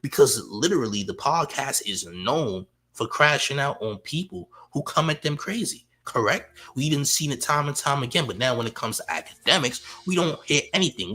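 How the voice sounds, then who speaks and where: A man's voice: medium pitch, animated, moderate pace, bright, forceful tone, soft background music. A man hosting a livestream, teasing and trash-talking viewers in his chat while reacting to clips. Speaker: livestream host. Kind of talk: casual livestream commentary.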